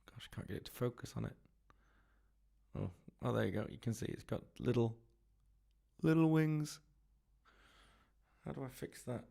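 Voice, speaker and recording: Gravelly man chatting while he paints. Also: mid-range voice, moderate pace, long pauses, mellow. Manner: rambling, self-mocking, chatty. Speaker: livestream sketching host. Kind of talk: casual live commentary while painting.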